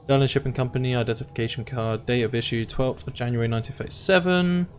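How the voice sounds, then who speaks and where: A man's voice: mid-range voice, fast, a little hiss or hum. A young man, commentating casually while playing a video game, chatty and playful. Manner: chatty, reacting aloud, playful. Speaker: gaming YouTuber. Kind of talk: let's play commentary.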